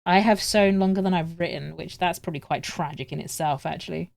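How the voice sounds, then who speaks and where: A woman's voice: lowish voice, a little fast, vocal fry, darkish tone, no room sound. A woman chatting casually on a live stream while she sews at home, joking at her own expense and swearing freely. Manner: chatty, self-mocking and swearing.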